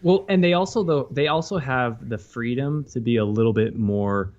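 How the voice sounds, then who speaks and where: Animated man on a dull-sounding mic. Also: medium pitch, moderate pace. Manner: animated, jumps in with quips. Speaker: podcast co-host. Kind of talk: casual chat.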